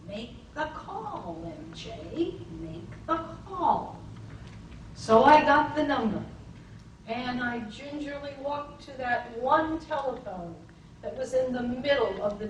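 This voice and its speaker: Older lady from massachusetts telling a story, slow and wry, far off mic in a big echoey room with faint hiss. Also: a little high. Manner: expressive, acting out scenes, wry. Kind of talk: told personal story.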